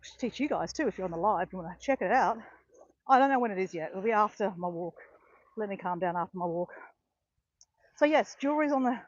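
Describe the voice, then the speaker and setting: Excitable woman, breathy voice. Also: mid-range voice, dry recording. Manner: excitable, gushing, chatty. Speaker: walking vlogger on a live stream. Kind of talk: casual chat to live viewers. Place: outdoors on a beach walk. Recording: dull lo-fi phone audio.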